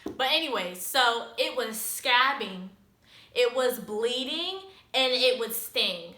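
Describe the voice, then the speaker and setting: A woman's voice: a little high, expressive, takes it slowly, sharp tone. A young woman vlogger telling a casual storytime, chatty and self-mocking, swearing freely and filling her talk with "like". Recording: echoey room.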